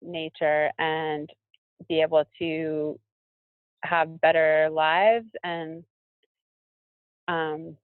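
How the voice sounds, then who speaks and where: A woman's voice: sits low, little pitch movement, very slow, long pauses, clear, resonant tone, no room sound. Woman guest over a tinny line. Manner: thoughtful, searching for words with many fillers. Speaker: professional skier guest. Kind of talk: casual interview conversation. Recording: dry, tinny phone-like line.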